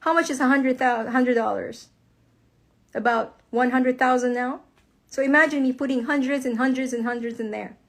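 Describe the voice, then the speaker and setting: In a tearful direct-to-camera monologue, a high-pitched woman recounts the collapse of her marriage at a moderate pace and steady tone. She cries and swears angrily in emotional bursts.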